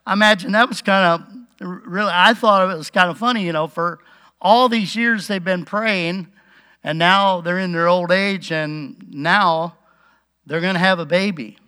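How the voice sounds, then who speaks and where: A man preaching a relaxed Bible-teaching sermon, chuckling now and then and acting out the quotes. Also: high-pitched, a little slow, smooth.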